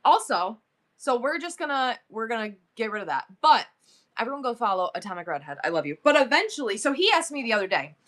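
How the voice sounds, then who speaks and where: A woman's voice: fairly high pitch, big pitch swings, quick pace, a bit bright. A woman in her forties hosting a live selling stream, talking emotionally about her son and gushing thanks to viewers. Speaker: livestream seller.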